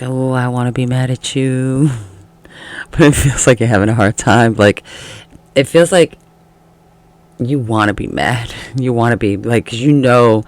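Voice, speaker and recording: Man, tarot reader, casual and chatty, laughs a lot, mid-pitched voice, dry close sound. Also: no echo. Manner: chatty, laughs often, acts out quoted feelings.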